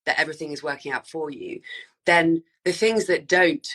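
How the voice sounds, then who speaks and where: A woman co-hosts a casual chat with an extremely low voice. She speaks earnestly and with emphasis. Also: moderate pace, a bit bright, slightly rough. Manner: earnest and emphatic about mindset. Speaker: podcast co-host.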